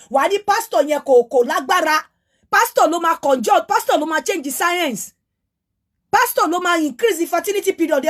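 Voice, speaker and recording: A woman with a Yoruba Nigerian accent hosts a heated solo monologue. Her voice sits very high, and she lectures with repeated rhetorical questions, switching freely between Yoruba and English. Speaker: host. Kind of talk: opinionated monologue.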